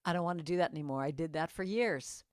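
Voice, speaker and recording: Give me a warm-hearted, chatty woman giving an inspirational talk over a video call, dry and close. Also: low voice, fast talker, dry recording. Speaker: guest speaker and musician. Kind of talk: inspirational morning message.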